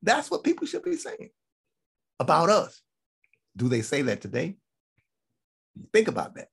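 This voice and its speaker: A man's voice: on the high side, wildly swooping pitch, normal speed, vocal fry, a bit bright, slightly rough. A man giving a Bible teaching sermon to a congregation. He repeats his points for emphasis and keeps checking in with "okay?".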